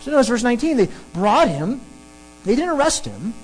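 A pastor preaching a sermon and teaching through a Bible passage, emphatic and animated. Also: fairly quick, faint music behind, poor audio. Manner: animated, emphatic preaching with sudden pitch jumps.

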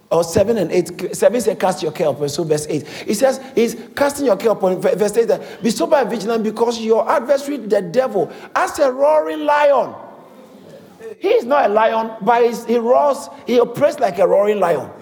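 A man preaching a sermon in a large hall, with lively repetitions and call-and-response to the congregation. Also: high-pitched, moderate pace. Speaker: pastor. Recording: echoey hall.

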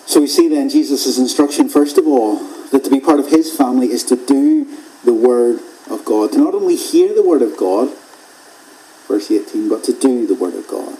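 A man preaching an expository sermon in a measured way, repeating phrases for emphasis and dropping to a hush at key points. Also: mid-range voice, lively intonation, low-quality recording.

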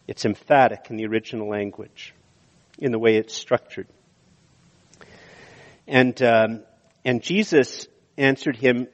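A man preaching a sermon in earnest, slowing down to stress key words, in a church sanctuary. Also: mid-range voice. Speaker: pastor. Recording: dull audio with long hall reverb.

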